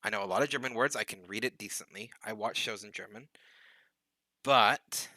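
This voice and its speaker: A man's voice: fairly low pitch, normal speed, pushed and bright, no room sound, rough recording. A man hosting a live gaming stream, telling rambling, chatty stories while he plays. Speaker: streamer host. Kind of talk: casual gaming chat.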